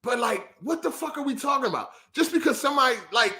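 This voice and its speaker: A man with a very high, fast voice hosts a live gaming podcast, ranting heatedly and profanely as he answers chat. He's animated and talks right back to the viewers in a heated live-stream rant.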